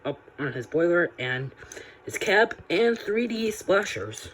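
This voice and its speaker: A man's voice: sits high, big pitch swings, takes it slowly, fairly bright tone, slight background noise. A man casually reviewing a toy train set, chatty and rambling with frequent restarts.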